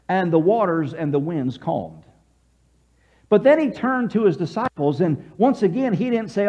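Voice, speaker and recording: A pastor preaching a sermon, telling the story with animated quotes and leading the congregation in repeating lines. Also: male voice, high voice, unhurried, long pauses, lo-fi sound.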